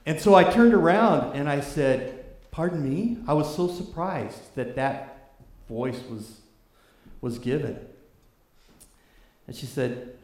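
A man's voice: on the high side, animated, slow, pauses often, darkish tone, roomy sound. A man from California preaching a sermon and telling a story in a loose, conversational way, with frequent fillers.

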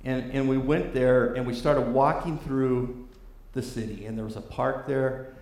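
A man's voice: mid-range voice, steady tone, a little slow, darkish tone, reverberant. A man from California preaching a sermon and telling a story in a loose, conversational way, with frequent fillers.

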